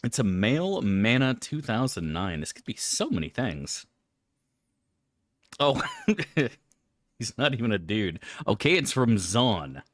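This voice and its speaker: A low-voiced man chats with his viewers while streaming a game, his pitch swinging widely as he grumbles and jokes. He swears freely and keeps a chummy, exaggerated tone. The sound is dry and close, with no room around it. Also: big pitch swings, measured pace, dry recording. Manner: profane, exaggerated complaining, chummy with chat. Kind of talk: casual live-stream chat while gaming.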